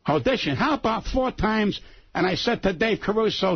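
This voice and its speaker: A combative man in his seventies argues bluntly and profanely as a radio guest. His husky voice sits high and swings widely in pitch. The broadcast sound is dull and lo-fi. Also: expressive, normal speed, no room sound. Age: 70s. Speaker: comedian guest. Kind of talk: heated radio interview banter.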